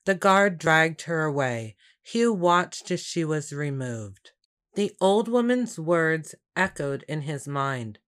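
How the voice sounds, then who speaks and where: A woman narrating a historical tale as scripted storybook narration, measured and even. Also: deep voice, clean tone.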